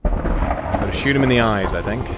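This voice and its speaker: A man's voice: fairly low pitch, moderate pace, loud music behind the voice. A man giving live gameplay commentary as a streamer, swearing often and breaking into panicky outbursts.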